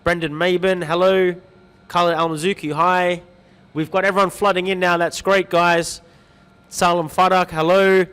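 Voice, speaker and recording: Male livestream host, friendly and chatty, slightly raised pitch, long hall echo on the track. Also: level tone, normal speed, fairly bright tone, smooth. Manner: chatty, greets viewers by name, light joking. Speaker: livestream host reading viewer comments. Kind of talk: upbeat live-stream chat.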